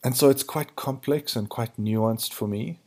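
A man hosting a podcast, thinking aloud in a hesitant, searching way, his voice hoarse and gravelly in the early morning. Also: medium pitch, a little slow, dark tone. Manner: searching, hesitant, restarts to find words. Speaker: podcast host. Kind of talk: reflective spiritual monologue.

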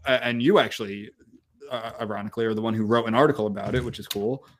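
Swearing, animated man telling a story. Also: lowish voice, quick pace. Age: 30s. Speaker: podcast co-host. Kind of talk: casual storytelling chat.

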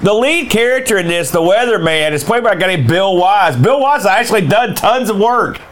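A man's voice: sits high, lively intonation, brisk, a bit bright. A man co-hosting a casual retro game review show, rambling and ranting with exasperation. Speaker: co-host reviewing retro games. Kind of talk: casual chat.

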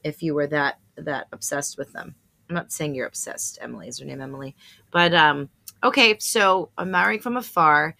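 Chatty bright-voiced woman podcaster. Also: sits low, moderate pace, gravelly. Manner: chatty, speculative, laughs often. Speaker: podcast co-host. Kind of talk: casual movie chat.

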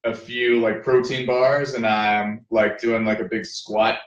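A man's voice: medium pitch, level tone, a little slow, muffled recording. Rambling male guest on a distant call. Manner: rambling, filler-heavy talk. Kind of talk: jokey comedy podcast chat. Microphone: remote call. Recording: roomy remote call, distant from mic.

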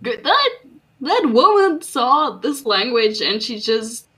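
An excitable young woman gushes on a casual podcast, her pitch swinging widely. She talks unhurriedly in a bright, high voice. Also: takes it slowly. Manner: excitable, gushing, swings high when amazed. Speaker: podcast co-host. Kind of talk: casual chat.

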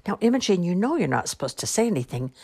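A patient, slightly flustered mother gently corrects unruly children at a rehearsal, as a woman reading aloud voices her. Her voice is a touch husky and moves around a lot in pitch. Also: big pitch swings, fast, exaggerated voice.

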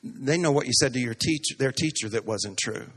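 A man's voice: medium pitch, normal speed, a bit bright. A man preaching a sermon to a congregation, acting out little everyday dialogues and building to emphatic, repeated points. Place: church sanctuary. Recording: long hall reverb from the church.

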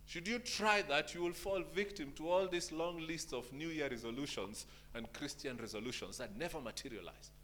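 Rousing preacher with a bright, forceful voice. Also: male voice, on the high side. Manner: rousing, rhetorical questions to the congregation. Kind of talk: sermon.

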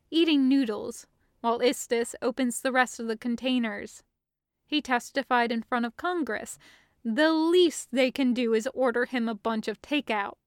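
A woman narrating a fan-fiction story as an audiobook reading, in a steady, even storytelling manner. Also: a little high, dry recording, studio quality.

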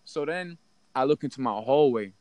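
Young man telling a story, slangy and animated. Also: medium pitch, normal speed, dry recording. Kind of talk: casual chat.

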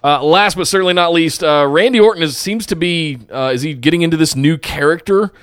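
A laid-back man leading a casual podcast rundown, blunt and easygoing. His voice is a touch higher than most men's, smooth and clear, and it's recorded close and dry. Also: fairly quick, no echo. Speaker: podcast co-host. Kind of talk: casual wrestling chat.

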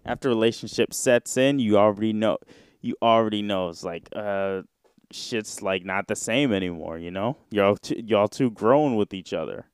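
A man's voice: fairly low pitch, moderate pace, clear, resonant tone, no echo. A young man hosting a podcast solo, chatting casually in a rambling, slangy, profane way. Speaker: podcast host.

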